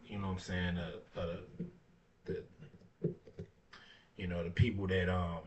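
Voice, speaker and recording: A man hosting his own talk show, speaking in a blunt, profane way, filling his talk with "man" and swinging from low mutters to heated rants. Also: flat delivery, a little slow, distant mic. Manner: blunt and profane, fillers of "man" and "you know what I'm saying". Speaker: barber and show host. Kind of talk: casual talk monologue. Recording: dull lo-fi sound, speaker off-mic.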